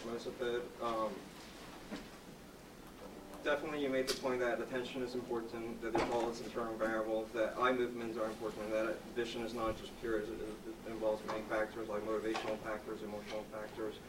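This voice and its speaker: A man's voice: medium pitch, background noise. A man in the audience asking a long, hesitant question at a lecture. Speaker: audience member. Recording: echoey hall mic from far off.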